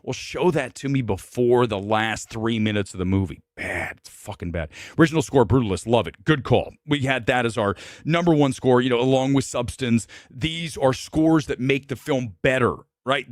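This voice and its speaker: A man's voice: dry recording, studio quality. Blunt opinionated man hosting a movie chat. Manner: blunt, opinionated, swings between loud outbursts and low mutters. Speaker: film talk show host. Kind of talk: live movie review chat.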